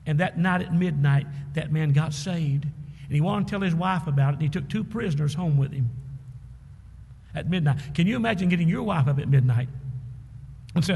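A man's voice: fairly high pitch, normal speed, vocal fry, dark tone, slightly rough, in a large hall. A man preaching a sermon as pastor, emphatic, with calls and responses to the congregation. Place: church sanctuary.

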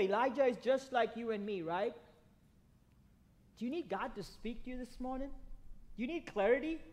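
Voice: medium pitch, darkish tone. A pastor preaching a sermon in a conversational way, repeating phrases, asking the congregation questions and checking in with "right?".

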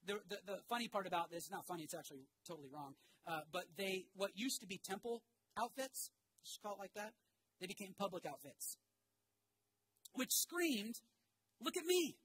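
A man's voice: sits high, quick pace, slight background noise, poor audio. A man preaching a sermon to his congregation, telling a story with energy and getting the crowd to repeat phrases back to him. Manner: animated storytelling with shouted asides. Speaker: pastor. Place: church sanctuary.

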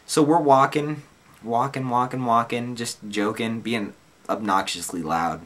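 A man's voice: mid-range voice, measured pace, a bit bright. A man in his twenties casually telling a rambling personal story, loose and slangy with lots of "like" and "dude".

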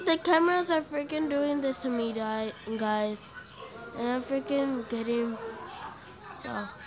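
A woman giving let's play commentary on a horror game, panicking and shrieking, repeating herself, then muttering to calm herself down. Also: on the high side, measured pace, a crowd in the background, low-quality recording. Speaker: gamer playing a horror game.

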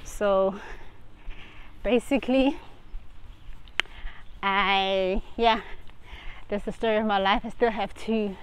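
A woman's voice: fairly high pitch, smooth, low-quality recording. A woman talking casually in a rambling way while out of breath from walking outdoors, filming on her phone. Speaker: vlogger. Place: outdoors on a street. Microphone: phone held while walking.

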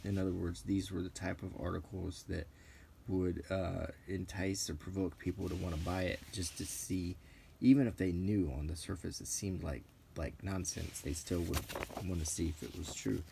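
Low, gravelly-voiced man talking softly. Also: fairly even intonation, slight background noise. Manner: meandering and unhurried, with frequent ums and self-corrections. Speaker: vlogger. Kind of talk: soft-spoken show-and-tell commentary.

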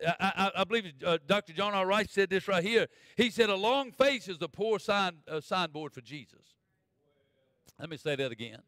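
A man preaching a sermon as pastor, folksy, swinging from loud preaching to quiet asides. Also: a little high, brisk, no room sound. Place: church.

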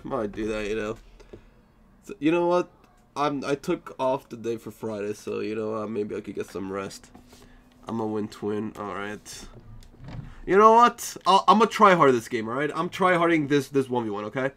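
A man's voice: a little high, a bit bright. A tired young man chatting casually with viewers while he plays a live game stream, joking and defending himself. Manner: drowsy, playfully defensive banter.

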